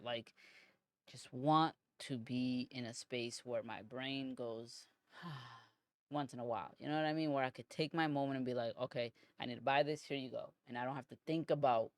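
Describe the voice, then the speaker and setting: A man in his late twenties rambles through a solo podcast monologue, swearing freely and tossing in "bro" at every turn. His voice sits at a middle pitch. The sound is dry and close, with no room around it. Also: no room sound. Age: 20s. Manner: rambling, profane, animated, says "bro" a lot. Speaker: podcast host.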